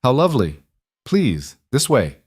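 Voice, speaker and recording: A man's voice: medium pitch, huge pitch swings, measured pace, a little mellow, husky, no echo, clean studio sound, pitched above the performer's own voice, exaggerated voice. A man voicing a polite, smiling older housekeeper who gushes over guests. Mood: welcoming. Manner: gushing, polite.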